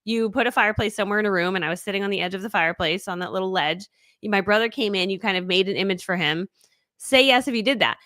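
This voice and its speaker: A woman coaching a live webinar, fast-talking, bubbly and high-energy. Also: bright, forceful tone, no echo, studio quality. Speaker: online business coach.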